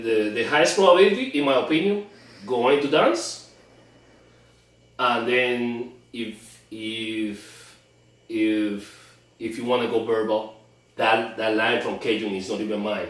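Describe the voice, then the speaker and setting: Male dating coach, emphatic and repetitive; mid-pitched, recorded far off in a cavernous room. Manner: emphatic, repeats and restarts words. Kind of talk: instructional monologue. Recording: very echoey room, far from mic.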